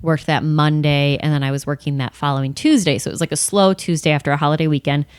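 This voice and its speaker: A woman in her thirties chatting on a podcast, telling work stories in a lively way and acting out the people in them. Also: deep voice, quick pace, smooth, dry recording, clean studio sound. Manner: animated storytelling, acts out bar customers and managers. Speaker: comedian guest. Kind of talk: casual podcast chat.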